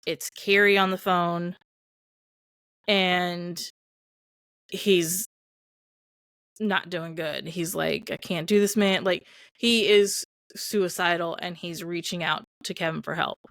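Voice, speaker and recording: Creaky low-voiced woman recapping a movie. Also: fairly even intonation, slow pace, long pauses, a bit bright, dry recording, clean studio sound. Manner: retells scenes with lots of "like" and acted-out quotes. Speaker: podcast co-host. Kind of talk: casual movie review chat.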